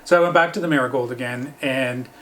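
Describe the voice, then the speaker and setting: A man's voice: mid-range voice, quick pace, fairly bright tone. A man co-hosting a casual knitting podcast, talking easily and laughing mid-sentence at home. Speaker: podcast co-host, yarn dyer. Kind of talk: casual chat.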